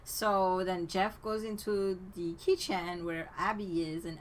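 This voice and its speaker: A woman's voice: fairly low pitch, fairly even intonation, slow, a little hiss or hum. A woman co-hosting a podcast, casually walking through a movie's plot step by step and laughing often. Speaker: podcast co-host. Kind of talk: casual chat recapping a movie.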